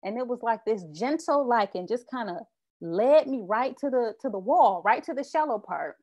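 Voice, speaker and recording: A woman's voice: on the high side, expressive, moderate pace, darkish tone. A young woman giving a sermon built on a personal story, repeating short refrains for emphasis. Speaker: speaker.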